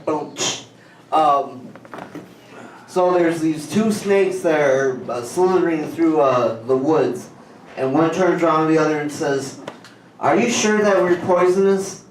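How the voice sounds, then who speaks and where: A man's voice: a little high, slight background noise. Man telling corny jokes on stage. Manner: casual, halting joke telling. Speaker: stand-up comedian. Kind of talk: corny one-liner jokes. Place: small cafe stage. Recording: very echoey room, distant mic.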